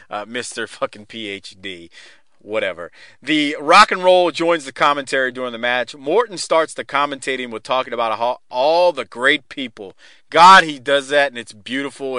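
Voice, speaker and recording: A man hosts a loose, casual podcast, laughing often and cursing freely as he rambles through quick restarts. His voice is bright and forceful, smooth and resonant. It is recorded close and dry. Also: mid-range voice, no echo. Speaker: podcast host. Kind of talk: casual podcast chat recapping a wrestling show.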